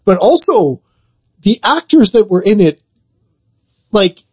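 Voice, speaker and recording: A man's voice: sits high, sing-song, takes it slowly, breathy edge. A man co-hosting a podcast, chatting casually about games and movies in a loose, rambling way full of filler words. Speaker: podcast co-host.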